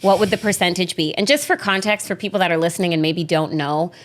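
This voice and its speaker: A young woman from Canada co-hosting a chatty podcast, animated and self-mocking, swearing freely. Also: fairly low pitch, quick pace. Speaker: podcast co-host. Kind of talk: casual chat.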